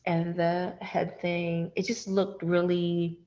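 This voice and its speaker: Low-voiced woman chatting casually. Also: highs cut off. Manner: animated, swearing, talks fast in bursts. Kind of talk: casual chat about a TV show.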